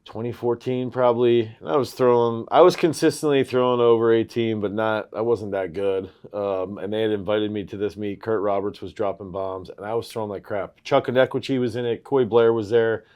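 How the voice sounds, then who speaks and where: A man in his thirties with a low voice co-hosts a throws coaching show. He talks casually and gets loud and animated when he tells a story. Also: fairly quick, hardly any pauses, clean tone. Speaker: throws coach, podcast co-host. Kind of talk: casual sports chat.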